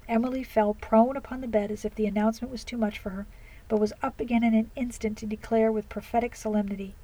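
Female audiobook narrator, fairly high voice, mellow and warm, measured storytelling. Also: fairly even intonation, low-quality recording. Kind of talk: audiobook narration of classic fiction.

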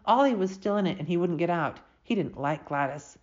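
A woman doing a blunt rough boy. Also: fairly low pitch, expressive, fairly quick, a little mellow, dull audio, close to an everyday voice.

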